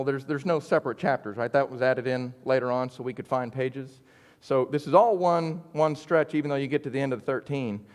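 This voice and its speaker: A man teaches an adult Bible study, talking in an earnest, conversational way and often checking in with his listeners. His voice sits a little high for a man. The sound carries the long reverb of a church hall. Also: a little mellow. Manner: conversational, earnest, frequent "right?" check-ins.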